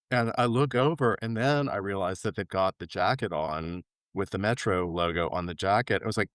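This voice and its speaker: Low-voiced man telling lively stories. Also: fairly quick, hardly any pauses, clear, resonant tone, dry recording. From New York. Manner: animated anecdote-telling, acting out quoted voices with big pitch jumps. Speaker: podcast guest. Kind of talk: casual storytelling interview.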